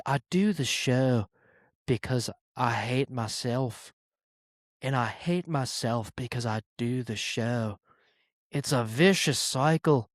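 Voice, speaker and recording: A man hosting his own podcast, rambling casually with profanity and self-mocking asides, speaking in quick bursts. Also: medium pitch, no room sound, studio quality. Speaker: podcast host.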